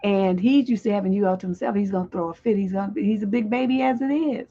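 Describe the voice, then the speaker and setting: A woman's voice: medium pitch, fast talker, mellow. A middle-aged woman hosting a livestream relationship advice show, reading viewer letters and answering in blunt, profane, exasperated rants. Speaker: relationship coach and livestream host. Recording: dull lo-fi stream audio.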